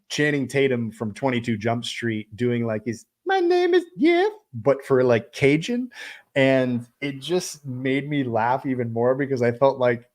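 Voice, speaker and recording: A man with a medium-pitched, darkish voice hosts a casual livestream chat, reviewing a film. He rambles, using lots of fillers and restarting his sentences often.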